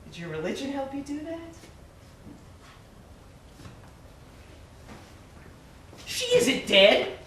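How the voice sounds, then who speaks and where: A man's voice: very high-pitched, sing-song, normal speed, pushed and bright, slight background noise, exaggerated voice. An actor in his thirties playing a frustrated, hurt gay man on stage, speaking with tense agitation. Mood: accusing. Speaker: visitor. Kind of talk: stage play acting. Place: theater stage. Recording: echoey stage, from far off, faint ambience.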